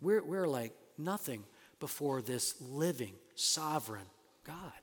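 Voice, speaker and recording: A man preaching a sermon as pastor, swinging between loud emphatic declarations and quiet, conversational asides with fillers and restarts. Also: on the high side, expressive, takes it slowly, husky, in a large hall.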